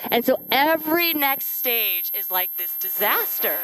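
A woman in her thirties giving a lively faith-based talk to a mothers' group, acting out the voices of the people in her stories. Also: fairly high pitch, unhurried. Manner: animated storytelling, acts out quoted voices.

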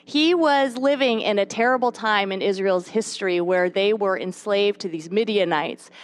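A young adult woman teaching a devotional Bible lesson to mothers, expressive, with playful asides. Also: medium pitch, moderate pace. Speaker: speaker at a mothers' Bible study.

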